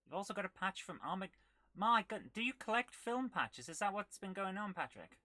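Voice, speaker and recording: A woman hosting a casual retro gaming live stream, chatting with viewers and reacting excitedly while she plays. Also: mid-range voice, brisk, dry recording. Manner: chatty, reads viewer comments aloud, bursts of excitement while playing.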